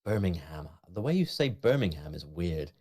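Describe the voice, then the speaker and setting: A man with a fairly low voice, talking casually on a podcast. He is easygoing and jokey, leaning on fillers as he goes. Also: lively intonation, brisk, darkish tone. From southwest England. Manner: easygoing, filler-heavy, joking. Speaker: podcast co-host. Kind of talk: casual chat.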